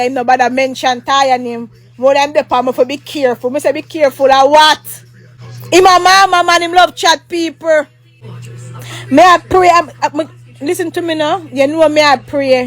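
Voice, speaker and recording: A woman with a Jamaican accent telling a rambling, heated storytime rant, repeating herself, swearing often and breaking into mock prayer. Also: sits high. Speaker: vlogger. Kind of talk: ranting storytime monologue.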